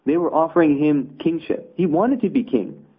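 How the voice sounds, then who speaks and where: A man's voice: on the high side, expressive, normal speed, slightly rough. A man teaching a conversational religious lesson, explaining with rhetorical asides. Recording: tinny phone-like audio.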